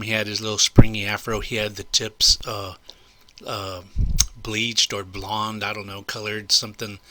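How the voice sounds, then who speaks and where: A man's voice: on the low side, bright, forceful tone. An older man telling a story in a casual, rambling way, indignant and full of asides. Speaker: vlogger recounting a personal incident.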